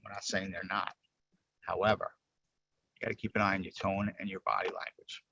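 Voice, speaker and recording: A man's voice: low voice, level tone, brisk, gravelly, bright, forceful tone, slightly rough, dry recording, dull audio. A man leading a workplace training workshop over a video call, explaining points casually and checking in with "right?". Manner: talks things through, asks "right?" often.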